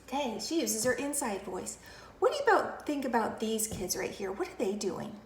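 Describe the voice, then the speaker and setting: Speaking in a sing-song way at normal speed, a woman with a slightly high voice demonstrates a classroom routine. As a kindergarten teacher, she addresses the camera as if to young children, moving between full voice and whisper with emphatic questions and praise. There's slight background noise, faint ambience, and a roomy echo.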